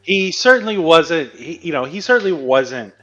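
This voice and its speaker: A man's voice: a little high, big pitch swings, normal speed, sharp tone, highs cut off, soft background music. A man narrating as game master in a tabletop game, hesitant and full of fillers.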